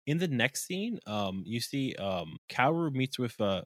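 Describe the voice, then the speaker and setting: A man recapping anime scenes in a relaxed podcast chat, full of fillers and meandering asides. His voice sits in a mid range. The recording is dry and close. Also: medium pitch, unhurried, no echo. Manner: rambling, filler-heavy, laid-back. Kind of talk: casual chat about an anime.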